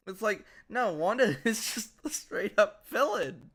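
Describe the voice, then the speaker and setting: Man, podcast co-host, casual chat, laughs often, incredulous, sharp bright tone. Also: high-pitched, slightly rough.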